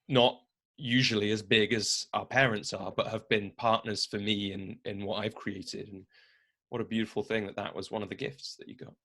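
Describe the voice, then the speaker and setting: A man's voice: on the low side, fairly bright tone. A man hosting a coaching podcast, responding in a reflective, affirming way with slight hesitations. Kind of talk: interview conversation.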